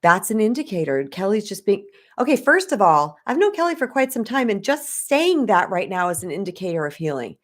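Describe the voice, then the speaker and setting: A middle-aged woman coach talking live to her viewers and reading their chat, emotional and animated, speaking straight to the audience. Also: mid-range voice, a little fast, hardly any pauses. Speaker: spiritual empowerment coach.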